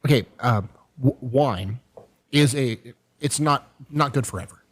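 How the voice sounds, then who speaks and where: A man hosting a casual podcast, telling stories in a rambling way and jumping into animated voices for the people he quotes. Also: medium pitch, a little slow. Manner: drinks and chats over whiskey. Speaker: podcast host. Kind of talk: casual chat.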